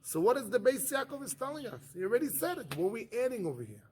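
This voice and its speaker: A rabbi with a very high-pitched voice talks fast over slight background noise, teaching Talmud in non-native English. He's animated, acting out the arguments in first person and answering the rhetorical questions he raises.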